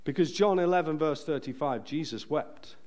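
A man preaching a sermon in a church, earnest and emphatic, slowing down to stress key phrases. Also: a little high, darkish tone.

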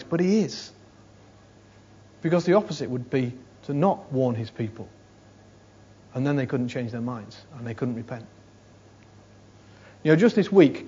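In a dull, lo-fi sermon recording, a man with a slightly high, husky voice and darkish tone preaches conversationally. He leans on repeated phrases for emphasis and often drops in "you know."

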